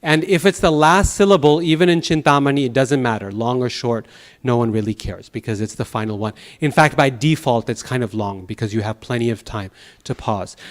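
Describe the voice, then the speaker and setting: A man teaching a Sanskrit class, explaining patiently, checking in with the students and reciting verse slowly in rhythm. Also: medium pitch. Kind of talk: classroom lecture. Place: temple classroom.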